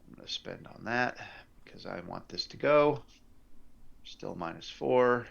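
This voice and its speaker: Slow, gravelly-voiced male game master. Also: on the low side, expressive, a bit bright, lo-fi sound. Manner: thinks aloud over dice rolls, unhurried. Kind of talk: running a tabletop game. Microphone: headset or desk mic on a live stream.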